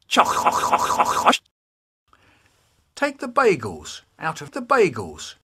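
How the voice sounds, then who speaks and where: A man telling children's stories, spliced into a comedy remix, with animated delivery, sudden shouts and silly voices. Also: high voice, very slow, long pauses, breathy edge. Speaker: children's poet reading stories.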